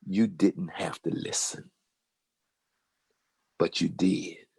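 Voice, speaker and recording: An older man with a Southern drawl tells a story, and his low voice sounds gravelly with heavy fry. His tone is husky and a little raspy, and he acts out the people he quotes with lively energy. The sound is dry and close. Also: takes it slowly, no echo. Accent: Southern American. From Virginia. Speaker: guest storyteller. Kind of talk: casual storytelling.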